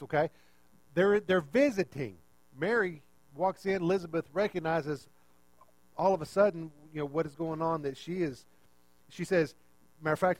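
A man preaching a conversational, animated sermon, full of rhetorical questions. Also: fairly high pitch, dry recording, low-quality recording.

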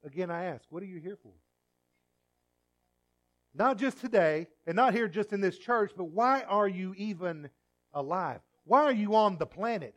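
A pastor preaching a sermon in church, swinging from quiet asides to loud, emphatic peaks. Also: male voice, high-pitched, lively intonation, moderate pace.

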